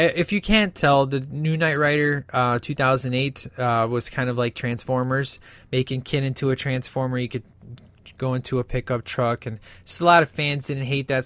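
Man, casual sarcastic comedy commentary, middle pitch, dry close voice. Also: fairly bright tone, smooth, no room sound. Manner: sarcastic and casual, says flippin'. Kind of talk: comedic commentary responding to viewer remarks.

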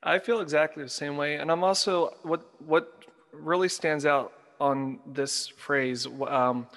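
A man's voice: fairly high pitch, steady tone, measured pace, a bit bright. Upbeat man hosting a Bible study, reverberant room. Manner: upbeat, leads the study with casual asides to viewers. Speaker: host of an online Bible study.

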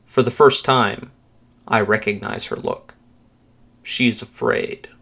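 A man with a fairly low voice reads a first-person thriller aloud, steady and measured. His delivery is deliberate and dramatic without rushing, keeping the tension in the telling. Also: creaky. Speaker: narrator. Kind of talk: scripted narration of a first-person thriller story.

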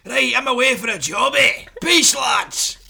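A man reading out a listener's email in a put-on angry Scottish accent, coarse and shouty. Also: very high voice, lively intonation, a little slow, gravelly, breathy edge, pitched above the performer's own voice, full character voice. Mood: mock angry. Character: angry foul-mouthed Scottish male listener.

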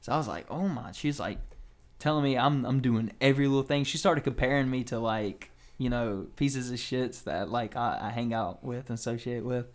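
A young man hosting a podcast, telling a story in casual, profane, animated chat. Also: medium pitch, moderate pace. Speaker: podcast host.

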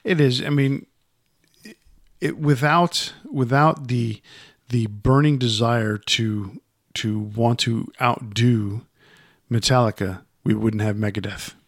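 A man's voice: medium pitch, fairly even intonation, slow pace, no room sound, clean studio sound. A man co-hosting a podcast in casual chat, rambling with many restarts and getting emphatic as he makes his points. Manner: rambling, with frequent restarts and repeated words; emphatic, voice rising when making a point. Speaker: podcast co-host.

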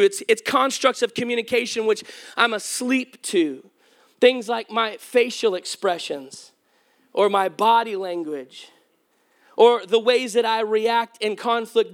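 Very high-voiced pastor preaching. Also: male voice. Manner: humorous, animated storytelling to a congregation. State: voice cracking at times. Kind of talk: sermon.

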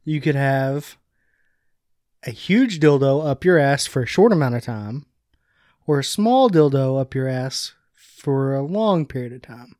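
A man's voice: medium pitch, lively intonation, measured pace, a little mellow, no echo, clean studio sound. A man co-hosting a podcast, reading out listener questions and joking around in casual banter. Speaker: podcast co-host.

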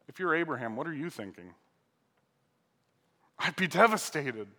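A man's voice: fairly high pitch, expressive, moderate pace, pauses often, sharp tone, long reverb tail. A man preaching a sermon to a live congregation, reading scripture and asking emphatic, dramatic rhetorical questions. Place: church hall with an audience.

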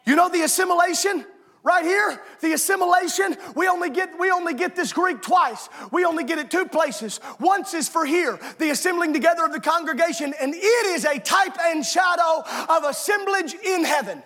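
A man preaching a fervent sermon in a church, often shouting his lines. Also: very high voice, normal speed, in a large hall. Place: church sanctuary.

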